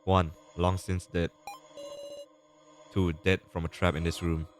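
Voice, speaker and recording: A man's voice: low voice, flat delivery, measured pace. A man reading the lines of a taunting male doll villain in a story game, in a mocking, quiz-like manner. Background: game music.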